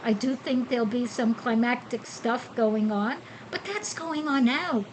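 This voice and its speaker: A high-pitched woman hosting a spiritual podcast, chatting freely and answering her own rhetorical questions. A faint noise hum sits under her voice. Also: a little slow, low-quality recording. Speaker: podcast host. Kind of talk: casual spiritual podcast talk. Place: Costa Rica.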